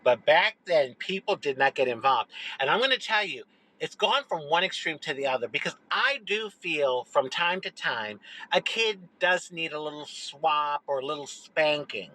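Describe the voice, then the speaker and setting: A woman around sixty telling a personal childhood story to camera, expressive, dropping low for emphasis. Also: normal speed, rough recording. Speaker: social media storyteller.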